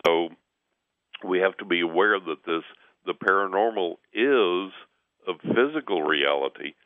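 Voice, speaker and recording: A man telling stories in a relaxed conversation, lively as he acts out what others said. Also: low voice, a little slow, dry recording. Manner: animated storyteller, acts out quoted voices. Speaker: guest. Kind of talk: conversational storytelling. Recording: tinny phone line.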